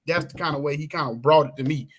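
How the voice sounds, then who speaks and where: A man's voice: fast talker, a crowd in the background. A middle-aged man, chatting casually as a podcast guest and acting out the voices of people in his stories. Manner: animated storyteller, acts out quoted voices, swings pitch widely. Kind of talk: casual chat.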